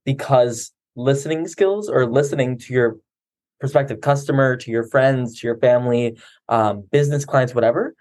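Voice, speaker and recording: A man's voice: medium pitch, darkish tone. A man co-hosting a podcast, talking loosely and at length in casual chat. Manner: loose, talkative, laughs at himself. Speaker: podcast co-host.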